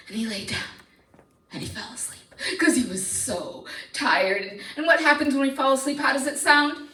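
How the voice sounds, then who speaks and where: A woman storyteller telling a tale live to an audience, animated and playful, heard in a hall from a distant mic. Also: high voice, normal speed.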